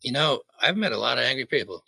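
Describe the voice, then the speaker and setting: A man with a bright, forceful voice preaches a sermon. He jokes and keeps putting questions to the congregation. The sound is close and dry, with little room echo. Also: mid-range voice, very animated, fast, vocal fry, husky. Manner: jokey, asks the congregation questions.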